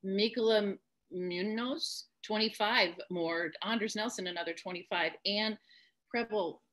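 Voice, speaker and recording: Bright, gushing older woman emcee. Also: medium pitch, unhurried. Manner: gushing, laughing. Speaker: gala emcee. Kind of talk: lively banter.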